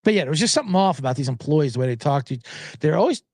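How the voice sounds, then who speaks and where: A man's voice: on the high side, big pitch swings, very fast, darkish tone, no echo, studio quality. A man hosting a sports betting podcast, ranting in a casual monologue, swearing and acting out voices as he quotes people.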